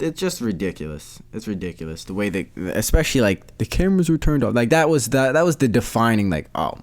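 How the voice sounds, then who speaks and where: A man hosting a casual solo podcast, rambling and repeating himself in disbelief. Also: medium pitch. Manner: rambling, repeats phrases, incredulous. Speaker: podcast host.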